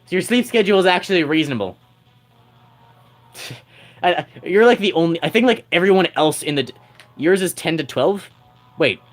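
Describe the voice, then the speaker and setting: A man's voice: high-pitched, animated, fairly quick, long pauses, faint music behind. A man chatting with his livestream audience in a teasing, rambling way, laughing often. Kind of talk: casual livestream chat.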